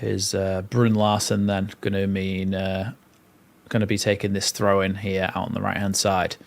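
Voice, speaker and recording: A man's voice: deep voice, completely flat delivery, normal speed, creaky. A young man hosting a live watchalong, mixing play-by-play with chatty, rambling asides. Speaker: fan channel host.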